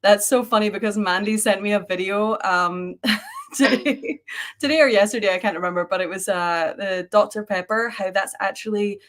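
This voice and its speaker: A young woman with a medium-pitched voice co-hosts a paranormal show, chatting casually on a live stream at normal speed. She's chatty, says "like" constantly, and laughs a lot.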